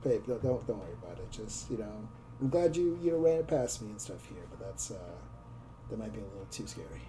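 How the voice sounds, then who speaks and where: A hesitant woman player speaks with an unusually deep voice that still swings widely in pitch. Clear music plays behind her. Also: lively intonation, fast talker. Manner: hesitant, full of fillers. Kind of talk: in-character tabletop play.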